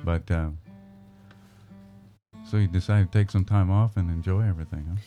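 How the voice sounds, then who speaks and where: A man's voice: sits low, steady tone, moderate pace, dark tone, soft background music. A man hosting a casual radio interview, folksy and rambling, with plenty of fillers and restarts. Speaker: radio host.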